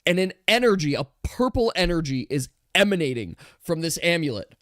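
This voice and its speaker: Tabletop game master, slow narration, lively pitch, hushed moments, dry sound. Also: no room sound. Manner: slow, drawn-out descriptive narration with hushed stretches.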